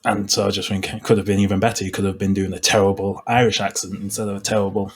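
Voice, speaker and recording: A man's voice: on the low side, flat delivery, fast, breathy edge. A British man co-hosting a comedy podcast, wry and joking in casual chat. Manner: wry, joking, often laughing. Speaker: podcast co-host.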